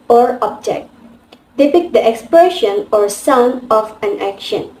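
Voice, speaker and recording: A woman's voice: fairly high pitch, darkish tone. A young woman, an English speaker, reading a lecture presentation carefully, one item at a time. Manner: careful, reads list items one by one. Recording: echoey room.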